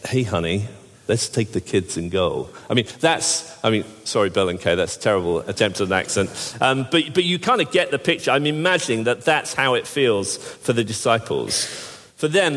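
A man's voice: medium pitch, fairly bright tone. A man preaching a sermon, with wry, jokey asides and frequent restarts. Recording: long hall reverb.

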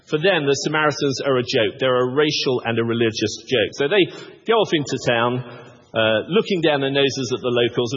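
A man's voice: mid-range voice, a bit bright, breathy edge. A man preaching a sermon, with wry, self-deprecating humor and frequent restarts. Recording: muffled sound with long hall reverb.

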